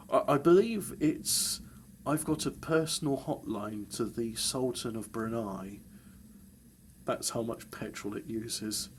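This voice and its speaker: A man's voice: mid-range voice, slight background noise. A man in casual chat, rambling and correcting himself with wry asides.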